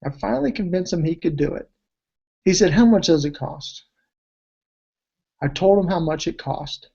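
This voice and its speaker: Animated man telling testimonial stories. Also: normal speed, vocal fry, slightly rough, muffled recording. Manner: animated, voice jumps high when excited. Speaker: weight-loss program presenter. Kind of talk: testimonial storytelling speech.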